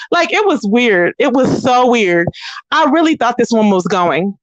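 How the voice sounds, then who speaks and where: A woman's voice: normal speed, dry recording, highs cut off. A woman hosting a livestream, chatting casually with her viewers and acting out the people she talks about. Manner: animated, acts out quoted voices in a higher pitch. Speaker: livestream host. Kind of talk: casual gossip chat with viewers.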